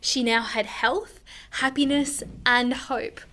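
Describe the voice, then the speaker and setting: Brief: woman, high voice, scripted kids' narration, expressive with hushed moments. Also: slow, a little hiss or hum. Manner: expressive, drops to soft whispers.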